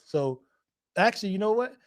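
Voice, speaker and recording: A man's voice: high voice, lively intonation, normal speed. A man hosting a live fan show, chatting casually and rambling, repeating himself and laughing often. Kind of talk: casual live-stream chat.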